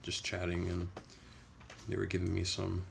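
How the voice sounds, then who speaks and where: A young man hosting a casual livestream, chatting in a soft-spoken, rambling way. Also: low voice, monotone, normal speed, creaky, a little hiss or hum. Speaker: livestream host.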